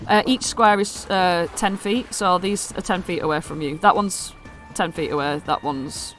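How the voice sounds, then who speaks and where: A woman's voice: fairly low pitch, moderate pace, a bit bright, soft background music. A woman acting as dungeon master, explaining the scene in a chatty way and correcting herself as she goes. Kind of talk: running a tabletop game.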